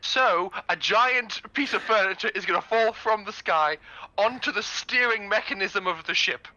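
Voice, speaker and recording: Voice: mid-range voice, moderate pace, pushed and bright, no room sound, highs cut off. A player in a tabletop game describing their character's actions, stumbling and repeating words.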